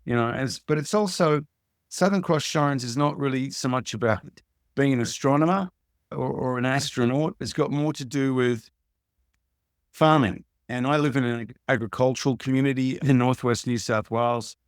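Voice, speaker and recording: An older man with an Australian accent, speaking in a relaxed, rambling way as an interview guest. His voice sits at a middling pitch, recorded close and dry with no room sound. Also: normal speed, clean tone, no room sound. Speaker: musician guest. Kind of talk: casual interview chat.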